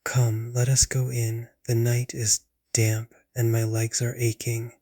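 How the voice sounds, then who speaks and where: A man's voice: mid-range voice, completely flat delivery, takes it slowly, mellow, dry recording, studio quality. A man whispering a frail coaxing old man. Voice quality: breathy whisper. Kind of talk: whispered role-play.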